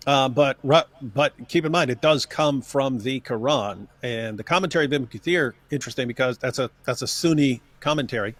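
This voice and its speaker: A man's voice: mid-range voice, fairly quick, hardly any pauses, a bit bright, no echo. A man co-hosting a livestream, talking casually in a joking, loose way with frequent fillers. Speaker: co-host of a livestream show.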